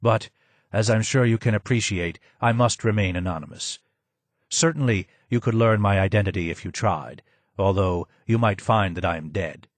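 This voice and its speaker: Hoarse, low old recluse, slow and grim, dry close sound, read by a male narrator. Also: no echo, lightly acted. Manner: slow, heavy, grave. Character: broken, hidden old man, sad and wary. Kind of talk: audiobook character voice.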